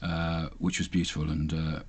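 Man, very deep voice, husky, quick talker, chatty interview guest. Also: monotone. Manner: quick, chatty, laughs often. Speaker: actor and voice actor. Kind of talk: casual interview chat.

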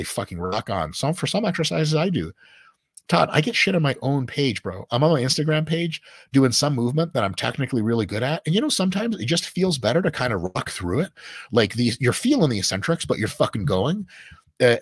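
A middle-aged man, a guest expert, talking in a fast, emphatic and profane way in a casual discussion. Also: medium pitch, husky, dry recording, studio quality. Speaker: guest expert on muscle training.

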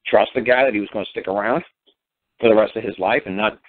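A man's voice: fairly low pitch, quick pace, dry recording. A man telling a long family story in a blunt, rambling way, swearing and acting out the people he quotes. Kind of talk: casual storytelling. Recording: tinny dry phone-line audio.

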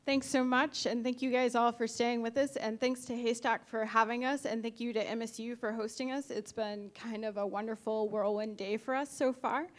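A woman's voice: fairly high pitch, fairly even intonation, normal speed, hardly any pauses. A woman co-presenting at a conference as a guest speaker, talking fluently with frequent "kind of" and "you know". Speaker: guest speaker, arts organization director. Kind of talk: conference talk.

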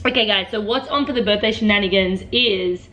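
A woman's voice: mid-range voice, brisk, pushed and bright. A woman in her twenties with an Australian accent, chatting to camera in a bubbly, playful vlog. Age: 20s. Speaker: vlogger. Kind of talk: casual vlog chat to camera.

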